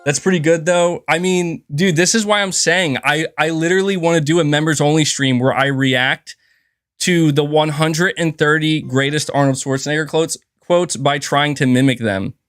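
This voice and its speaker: A man's voice: a little high, moderate pace, a bit bright, smooth, dry recording, clean studio sound. A man hosting a casual gaming livestream, rambling and thanking viewers, with a sore throat. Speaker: gaming channel host.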